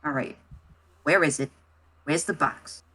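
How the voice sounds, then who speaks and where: A woman with a fairly low voice narrates a tabletop role-play as game master. She talks in a halting way, often pausing on fillers while she describes the scene. Her delivery stays relaxed and conversational. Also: gravelly.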